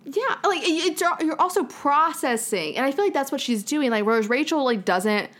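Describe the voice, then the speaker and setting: A woman's voice: high voice, expressive, moderate pace, fairly bright tone. A young woman co-hosting a podcast in casual chat, frank and opinionated, swearing freely. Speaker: podcast co-host.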